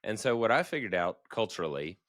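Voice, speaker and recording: A man with a deep, low voice telling relaxed stories on a podcast, laughing lightly between points. The recording is dry and close, with no room sound. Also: brisk, dry recording. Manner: easygoing, chuckling storyteller. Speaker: podcast co-host. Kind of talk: casual storytelling chat.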